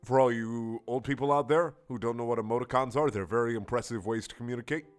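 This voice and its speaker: A man's voice: medium pitch, steady tone, fast, soft background music. A young man doing a sarcastic comedic reading of a fan story, exasperated and swearing a lot.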